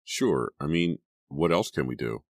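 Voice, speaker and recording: Man doing an honest teenage girl, earnest, wary, raised pitch, dry audiobook read. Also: animated, unhurried, no echo. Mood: doubtful.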